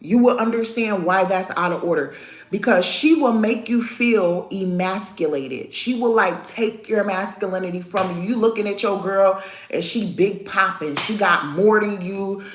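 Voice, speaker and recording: A woman in her thirties chatting casually on a live stream, animated and talkative, calling out her viewers by name. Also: mid-range voice, normal speed, roomy sound. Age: 30s. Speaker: vlogger talking to live chat.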